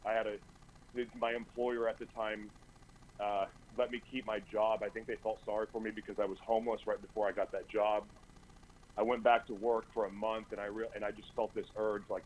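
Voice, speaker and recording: A man's voice: lowish voice, flat delivery, fairly quick, a little hiss or hum, rough recording. A man as a radio talk show guest, giving an earnest, intense personal testimony in a studio, often stumbling over and repeating his words. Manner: earnest, intense storytelling with stammered restarts.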